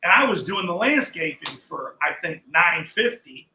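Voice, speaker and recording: A man's voice: sits high, big pitch swings, moderate pace, sharp tone, roomy sound, low-quality recording. An older man casually telling a long story as a podcast guest, acting out the people he quotes.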